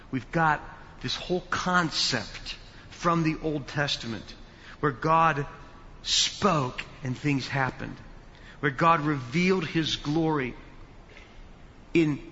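Male pastor, sermon, slow deliberate delivery, bright edge, long hall reverb, dull sound. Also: mid-range voice, a little hiss or hum. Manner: slow, emphatic preaching that swells louder on key words.

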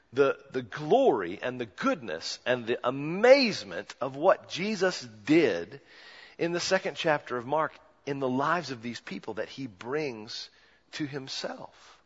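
A man preaching a sermon, swinging from hushed near-whispers to loud impassioned cries, recorded in a church. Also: medium pitch, breathy edge. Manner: dramatic swings from hushed to shouting. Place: church sanctuary. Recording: muffled church recording with long reverb.

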